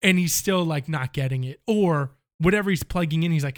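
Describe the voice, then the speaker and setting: A man telling a story in casual chat, animated, acting out both sides of phone calls. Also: fairly high pitch, a little fast.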